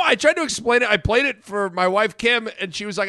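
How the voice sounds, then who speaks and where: A man co-hosting a casual sports podcast, excitable and quick to break into laughter and shouts. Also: high-pitched, no echo, studio quality. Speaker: podcast co-host. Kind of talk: casual chat.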